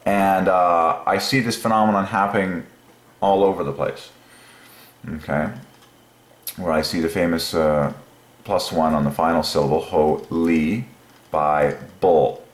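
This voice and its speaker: Deep-voiced man musing with many fillers. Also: steady tone, unhurried, pauses often, reverberant. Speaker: channel host. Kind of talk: thinking-aloud explanation.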